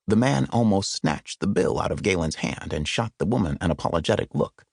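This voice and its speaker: A man narrating an audiobook with expressive, wry storytelling, recorded close in a studio. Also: deep voice, brisk, gravelly, slightly rough, no room sound. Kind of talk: scripted narration. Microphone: close studio mic.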